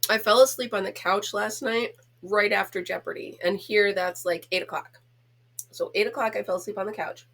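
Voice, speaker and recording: A woman's voice: mid-range voice, fairly even intonation, moderate pace, fairly bright tone. A middle-aged woman from the United States hosting a casual home chat vlog, talking in a chatty, giggly, self-teasing way. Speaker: host.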